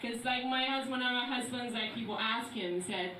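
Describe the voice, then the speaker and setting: A woman's voice: a little high, fairly even intonation, normal speed, few pauses, slight background noise. A woman, performing a stand-up comedy set and often laughing at her own jokes. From China. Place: comedy club stage. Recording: echoey live room, mic at a distance, loud crowd.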